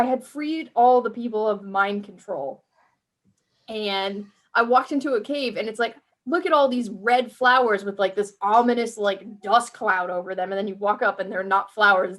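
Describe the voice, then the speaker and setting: A woman co-hosting a podcast in casual gaming chat, chatty, swearing freely and acting out her own reactions as she talks. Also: fairly high pitch. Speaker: podcast co-host.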